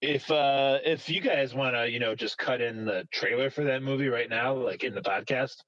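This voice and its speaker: A man co-hosting a podcast, chatting casually in an animated, opinionated way. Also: mid-range voice, normal speed, no echo, lo-fi sound. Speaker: podcast co-host. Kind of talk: casual chat.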